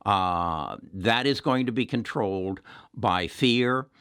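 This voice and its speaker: A man's voice: lowish voice, slow, fairly bright tone, clean tone, no room sound, studio quality. A man hosting an investing channel, talking casually and emphatically to his viewers, with frequent restarts and repeated points. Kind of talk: casual investing talk to camera.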